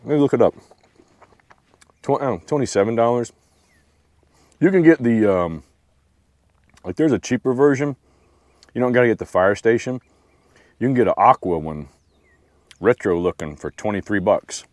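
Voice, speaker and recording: At a lakeside campsite, an outdoor vlogger rambles in a laid-back, casual way during his camping vlog and talks to his dog. His medium-pitched voice has lively intonation, a darkish tone, and a normal speed, with long pauses. The recording is dry.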